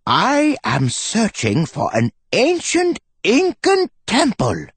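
Kindly old mouse inventor prof, man reading him, pitched way up, swoopy. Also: wildly swooping pitch, takes it slowly, husky, dry recording, full character voice. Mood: earnest. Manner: warm, grinning, earnest. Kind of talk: audiobook character voice.

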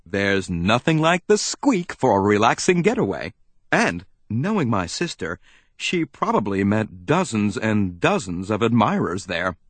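Casting note: man narrating a children's audiobook, slow and very animated, slightly husky voice, dry sound. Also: fairly low pitch, no room sound. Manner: expressive, playful storytelling. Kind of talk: scripted narration.

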